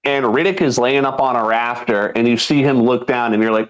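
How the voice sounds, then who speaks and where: A man's voice: mid-range voice, fairly quick, few pauses, clear, resonant tone, low-quality recording. A man co-hosting a casual podcast, talking in a rambling, crude way with many fillers. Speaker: podcast co-host.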